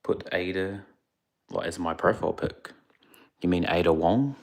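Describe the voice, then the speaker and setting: A young man keeps his very low voice hushed and gravelly. He is chatting casually on a livestream into a phone. He speaks quietly because others nearby are sleeping. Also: normal speed. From India. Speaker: streamer. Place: indoors away from home, others asleep.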